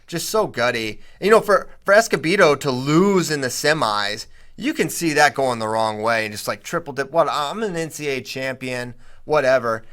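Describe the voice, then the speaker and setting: A man co-hosting a casual sports podcast, talking in quick bursts and getting emphatic when he makes a point. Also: mid-range voice. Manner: animated, rising emphatically when making a point. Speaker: podcast co-host.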